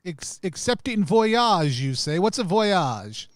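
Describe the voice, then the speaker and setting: Pompous noble lady, put on by a male player, lofty and animated, trips on long words. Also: high voice, slow, dry recording, studio quality, pitched above the performer's own voice, exaggerated voice. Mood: puzzled. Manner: grandiose, stumbles over long words. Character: pompous noble woman, a duchess.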